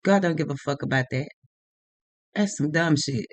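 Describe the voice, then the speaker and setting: A woman's voice: low-pitched, normal speed, no echo. A woman tarot reader delivering an unscripted rant to her viewers, blunt and heavily profane, laughing now and then at her own points.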